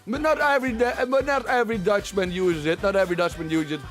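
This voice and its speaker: A man's voice: sits high, steady tone, fast talker, a bit bright, soft background music. A man hosting a livestream, chatting casually and rambling, often repeating himself as he talks to his chat. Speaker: livestream host. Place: at home, streaming.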